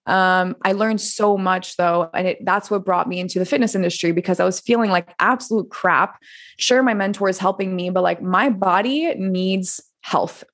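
Her voice is medium in pitch and a bit bright, moving at a normal speed. She's a woman in her thirties from France appearing on a podcast, recounting her story casually in interview form, full of "like" and frank swearing.

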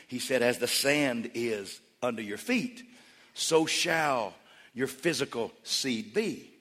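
A man preaching a sermon to his congregation, who moves between quiet storytelling and shouted calls for the crowd to respond. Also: medium pitch, slow. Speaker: pastor. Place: large church hall with congregation. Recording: church hall reverb with congregation.

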